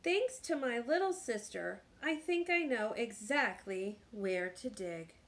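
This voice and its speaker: A woman's voice: a little high, expressive, takes it slowly, fairly bright tone, exaggerated voice. A woman voicing an earnest young boy speaking up with an eager, raised voice. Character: earnest young boy telling his story.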